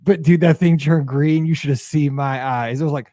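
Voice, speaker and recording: Middle-aged male podcast co-host; lively, acts out quotes; slightly high pitch, dry booth sound. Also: moderate pace, no room sound, soft background music. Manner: animated storyteller, acts out quotes. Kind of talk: casual chat.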